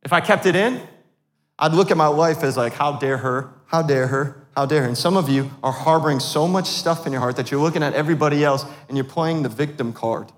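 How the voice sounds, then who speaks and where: A man in his thirties preaches with a slightly high voice that rings through a church with a long reverb tail. He is animated and self-deprecating, breaking into laughs between points. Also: fast talker. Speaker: pastor. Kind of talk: sermon. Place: church sanctuary.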